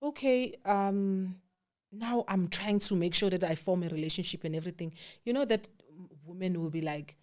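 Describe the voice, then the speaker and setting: A South African woman with a low-pitched voice tells her own story as an interview guest. She talks candidly and animatedly, acting out the voices of the people she quotes, and her voice sinks to a quiet hush in the heavy moments. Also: normal speed. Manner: candid, animated quoting of others, drops to hushed tones. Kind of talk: emotional personal storytelling.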